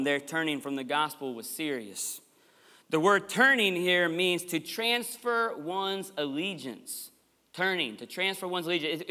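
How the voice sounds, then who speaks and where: A man whose voice sits on the high side and sounds a bit bright preaches from a church sanctuary. He is passionate and emphatic, dropping folksy asides for the congregation, and the hall's long reverb trails every word.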